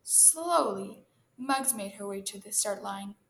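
A woman reading a children's story aloud in a gentle, expressive manner. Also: medium pitch, takes it slowly, creaky.

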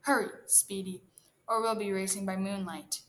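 A woman's voice: on the high side, normal speed, a bit bright, roomy sound, close to an everyday voice. A woman voicing a greedy, boastful young male hare who speaks in a smug, taunting tone in a storybook reading.

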